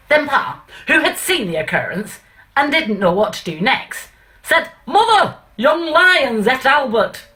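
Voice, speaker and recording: Bright, lively woman reciting a comic poem. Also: mid-range voice. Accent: put-on northern English. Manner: chatty, hesitant intro with many fillers. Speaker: reader of a comic monologue poem. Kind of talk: reciting a comic monologue in a put-on northern accent.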